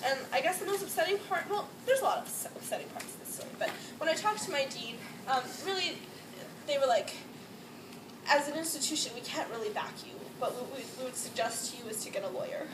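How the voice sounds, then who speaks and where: Speaking to a crowd in an echoey campus room, this young Hawaiian student gives an emotional personal testimony. Her high voice is expressive and fast, peppered with "like" and nervous laughter in a casual style. She sounds distant, recorded in an echoey space with background noise.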